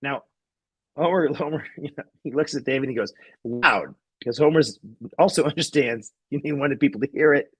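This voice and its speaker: A man's voice: a little high, brisk, slightly rough, no echo. A man, a guest magician, telling a rambling anecdote in casual chat, laughing often and restarting sentences.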